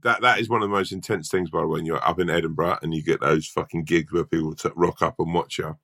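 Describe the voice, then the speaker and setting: Low, gravelly male comedian with a forceful tone, swearing through a casual anecdote. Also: steady tone, fast talker. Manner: swears a lot, rambling anecdotes. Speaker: stand-up comedian and podcast co-host. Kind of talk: casual storytelling chat.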